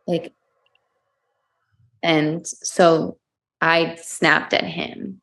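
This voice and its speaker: Young woman, slow and halting, low voice with lots of fry. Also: fairly even intonation, a bit bright. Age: young adult. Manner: hesitant, many fillers like "like". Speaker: participant sharing a conflict. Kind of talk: personal account in counselling session.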